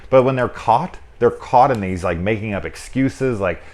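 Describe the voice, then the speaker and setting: A man's voice: fairly low pitch, normal speed, a little mellow. A man giving a casual spoken movie review, rambling with lots of filler words and swearing, amused by the film.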